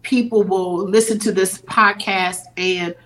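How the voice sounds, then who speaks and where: A woman's voice: medium pitch, fairly even intonation, measured pace, a bit bright, poor audio. A middle-aged woman on a podcast, telling a personal story earnestly and teary-eyed, acting out what others said. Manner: earnest, acts out quoted voices. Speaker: podcast guest. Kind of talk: emotional storytelling.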